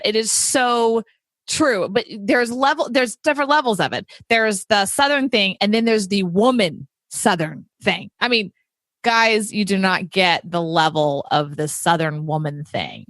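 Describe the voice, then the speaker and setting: A woman's voice: mid-range voice, measured pace, no echo. Host: Southern-raised woman, radio host, gushing and self-deprecating, dry close recording. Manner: excitable, self-deprecating, repeats phrases. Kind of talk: casual interview conversation.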